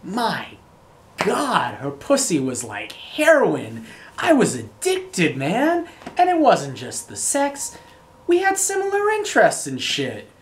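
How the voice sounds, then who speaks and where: A man's voice: sits high, huge pitch swings, slow pace, a little hiss or hum, voice pushed up, exaggerated voice. A man quoting a brash, hedonistic stockbroker from a film, crude and boastful. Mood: giddy.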